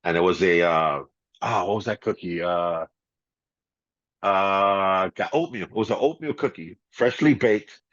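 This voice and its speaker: Laid-back low-voiced man, muffled audio. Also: measured pace, fairly bright tone, dry recording. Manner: laid-back, laughs often, many "you know" and "man" fillers. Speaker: guest DJ. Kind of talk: casual storytelling interview. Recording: slightly dull, muffled audio.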